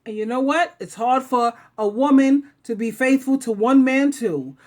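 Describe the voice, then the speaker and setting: Blunt, sassy high-voiced woman host. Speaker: talk show host. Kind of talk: casual relationship talk.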